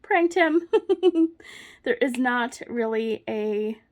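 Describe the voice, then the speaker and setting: A woman's voice: a little high, expressive, drawn-out words, a little mellow. A woman vlogger chatting casually while she crafts at home, telling a story with frequent laughs. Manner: chatty storyteller, laughs often mid-sentence.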